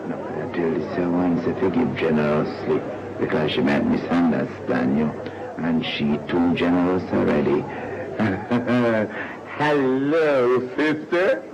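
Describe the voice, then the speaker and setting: A scheming Jamaican church treasurer who greets everyone with oily charm. He is a bit low-pitched and slips chuckling asides to the camera. The old sitcom recording carries a clear hiss of noise. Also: slow, lo-fi sound, a crowd in the background. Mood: wheedling. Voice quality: chummy, wheedling, chuckling asides. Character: scheming sweet-talking male church treasurer. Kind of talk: sitcom acting.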